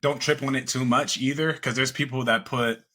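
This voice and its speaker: A man's voice: mid-range voice, steady tone, normal speed, pushed and bright. A man appearing as a podcast guest, chatting casually with a laid-back, motivational manner.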